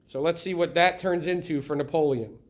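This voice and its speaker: A middle-aged man teaching a history lesson in a classroom, lively and constantly checking in with the students by asking questions. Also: on the high side, a little fast. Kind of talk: classroom lecture.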